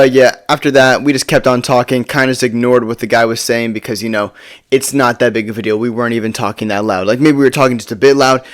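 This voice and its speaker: A man telling a story in a casual vlog, rambling, stumbling over his words and swearing casually. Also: medium pitch. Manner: rambling, with frequent stammered restarts and casual swearing. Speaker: storytime vlogger.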